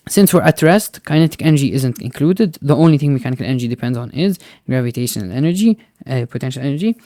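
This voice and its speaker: A man's voice: mid-range voice, darkish tone, dry recording. Dry-voiced man teaching physics. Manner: explains step by step, often checking with "right?" and "okay?"; mixes in Arabic words. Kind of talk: recorded tutoring lesson.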